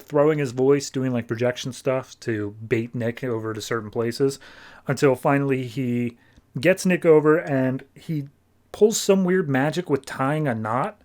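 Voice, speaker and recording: A man at a medium pitch talks through a comic storyline in a loose, conversational way. He paraphrases what each character says, filling his recap with asides. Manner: chatty, paraphrases characters with "he's like". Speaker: podcast host. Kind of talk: casual comic book recap.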